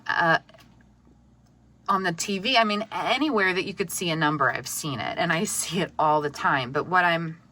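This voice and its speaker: A woman giving an intuitive tarot reading to camera, earnest and soft-spoken, with many pauses and fillers. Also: fairly low pitch. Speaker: tarot reader.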